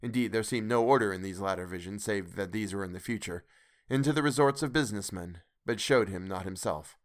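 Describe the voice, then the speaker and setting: A man narrates a classic story in a measured, expressive way. His voice sits fairly low. He paces the prose with care. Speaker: audiobook narrator. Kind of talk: scripted narration.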